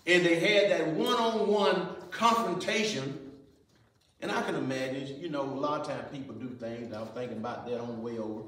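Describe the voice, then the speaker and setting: A man's voice: medium pitch, fairly even intonation, moderate pace, a bit bright. A man teaching a Sunday school lesson in folksy preaching style, asking the class rhetorical questions. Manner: folksy preaching, Southern Black church vernacular. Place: church sanctuary. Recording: echoey church hall, mic far off.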